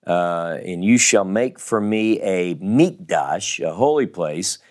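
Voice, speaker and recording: Slow, emphatic Southern man teaching. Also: low-pitched, lively intonation, darkish tone. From American South. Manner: slow, emphatic, repeats key words. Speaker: Bible teacher. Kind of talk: Bible teaching lecture.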